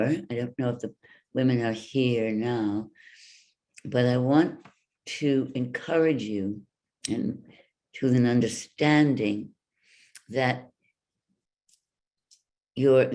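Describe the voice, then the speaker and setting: A woman voice coach giving a workshop talk, speaking deliberately and guiding the listeners through exercises with demonstrations. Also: a bass voice, warm tone. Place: virtual workshop from home.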